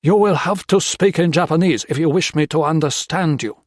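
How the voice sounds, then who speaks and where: A man's voice: fairly high pitch, moderate pace, no room sound, studio quality, pitched above the performer's own voice, close to an everyday voice. A man reading an audiobook, voicing a cold, contemptuous Japanese army colonel who speaks curtly. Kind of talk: audiobook character voice.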